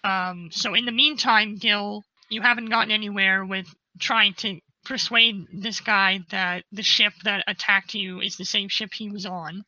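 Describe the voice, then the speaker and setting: A woman's voice: mid-range voice, fairly even intonation, measured pace, hardly any pauses, sharp tone, dry recording, lo-fi sound. A woman game master narrating a tabletop game in a casual way, with fillers.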